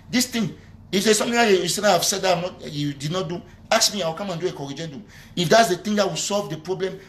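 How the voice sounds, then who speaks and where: A man making an earnest, pleading appeal for unity during a live show, often repeating himself. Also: high voice. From Cameroon. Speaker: activist speaking on a live show.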